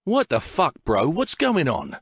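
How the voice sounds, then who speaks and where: Un uomo che fa un giovane fratello agitato e brusco. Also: male voice, on the high side, wildly swooping pitch, a little slow, a bit bright, slightly rough, no echo, studio quality, pitched above the performer's own voice, heavily acted. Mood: alarmed. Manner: agitated, blunt. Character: young man, hot-headed worried brother.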